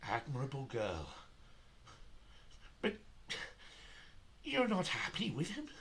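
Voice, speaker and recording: A lovelorn, mild-mannered young poet, played by a man in a comic operetta. He speaks softly and very slowly, languid and devoted. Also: medium pitch, wildly swooping pitch, heavily acted. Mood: lovesick. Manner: soft, languid, lovesick. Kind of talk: comic operetta dialogue, one-man performance. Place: his room at home.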